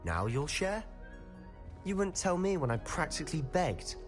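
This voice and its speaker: A man's voice: on the high side, sing-song, a little slow, soft background music. An actor playing a witty, eager young male wizard student in a video game, given to wry, teasing banter. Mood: sulky. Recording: game audio with long reverb.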